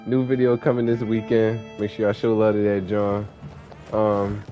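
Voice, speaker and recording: A young man streaming a game and talking casually to his chat, full of slang, swearing and quick laughs. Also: lowish voice, monotone, highs cut off, soft background music. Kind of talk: casual live-stream banter.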